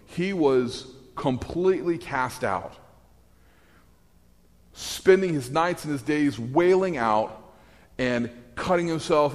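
A man preaching a sermon in a conversational, animated way, with asides and restarts. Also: medium pitch. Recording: echoey hall.

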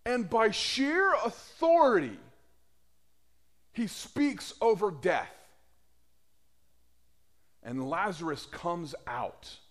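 A man's voice: sits high, sing-song, very slow, pauses often. A man preaching a sermon in a conversational way, asking the congregation questions.

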